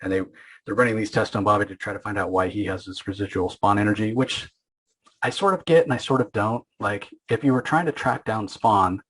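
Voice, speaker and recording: A man with a low, husky voice, talking through a comic book story as a podcast host. His delivery is loose and rambling, with many fillers and restarts. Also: a little fast, rough recording. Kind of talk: casual comic book recap.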